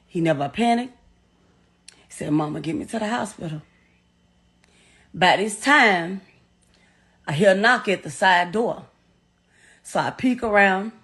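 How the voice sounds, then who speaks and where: A middle-aged woman telling a painful story as a mother, in a blunt, halting way full of profanity. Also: mid-range voice, fairly bright tone. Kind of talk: emotional first-person account.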